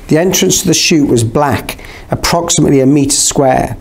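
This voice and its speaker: Guy reading an audiobook, bit higher voice, steady and measured. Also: creaky. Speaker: audiobook reader. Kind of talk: scripted narration.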